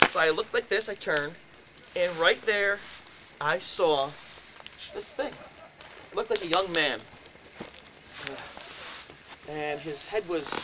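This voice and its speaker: A man giving a talk, telling a first-person story in an animated way, acting out scenes with sudden loud bursts. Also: sits high, noisy background. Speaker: speaker at a haunted-house talk.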